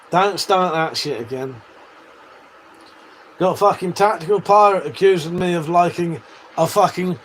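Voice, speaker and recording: A man chats on his livestream, answering viewers with loose banter, frequent laughter and plenty of swearing. His voice sits a little high and swings widely in pitch. A faint hiss runs under the recording. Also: fairly bright tone, rough recording. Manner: swears a lot, laughs often, banters with chat. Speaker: livestream host. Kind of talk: casual livestream chat reading comments.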